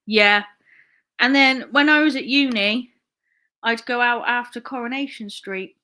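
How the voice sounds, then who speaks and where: A young woman, an online reseller, live-streams and chats in a rambling, casual way, laughing often and swearing freely. Her voice is quite high and very bright, and she speaks a little slowly, drifting from memory to memory with easy humour.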